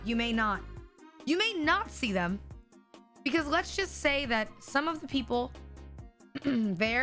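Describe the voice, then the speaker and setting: A young woman streamer telling an animated storytime, talking straight to her chat. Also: sits high. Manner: animated, addresses chat directly. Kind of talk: storytime vlog.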